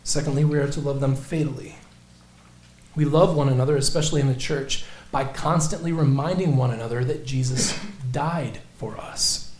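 A man preaching a sermon as pastor, earnest, swinging between emphatic peaks and low, soft passages. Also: fairly even intonation, normal speed, roomy sound, slight background noise.

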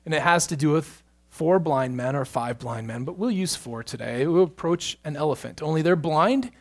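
A man preaching a sermon as pastor, moving between hushed, slow stretches and loud, emphatic bursts. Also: fairly high pitch, animated.

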